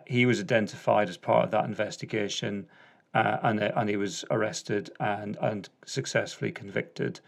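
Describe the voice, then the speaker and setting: A man's voice: lowish voice, fairly even intonation, moderate pace, vocal fry. A middle-aged man hosting a casual solo podcast, chatty, with lots of ums, uhs and restarts. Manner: chatty and self-correcting, frequent ums and uhs. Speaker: podcast host.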